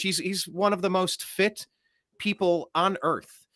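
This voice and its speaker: A man hosting a political talk show, talking in an animated, sarcastic, rambling way with many restarts. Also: high-pitched, unhurried, dry recording, clean studio sound. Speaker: show host.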